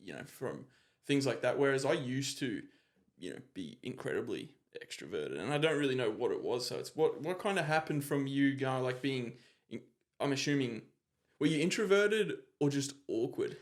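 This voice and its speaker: A man hosting a podcast, talking reflectively and often pausing to search for words. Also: mid-range voice, lively intonation. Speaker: podcast host. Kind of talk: casual conversation.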